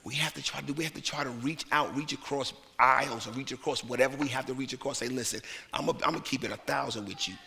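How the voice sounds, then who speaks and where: Male minister, lively conversational sermon, crisp bright tone, long church reverb. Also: mid-range voice, quick pace, few pauses. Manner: conversational, colloquial preaching with playful put-on voices. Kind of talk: lively sermon with acted asides. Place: church sanctuary.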